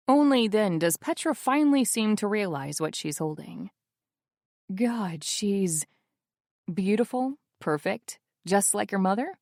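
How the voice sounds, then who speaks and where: A young woman narrates a first-person romance audiobook with wry, intimate asides. Her pace is slow and unhurried, and her pitch moves expressively. The sound is dry and close to the mic. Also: expressive, a little mellow, no room sound.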